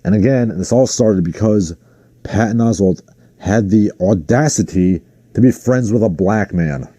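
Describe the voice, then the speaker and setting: A man's voice: fairly low pitch, measured pace, mellow, no echo. A man hosting a livestream in a casual, ranting commentary style, sarcastic and exasperated. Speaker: livestream host.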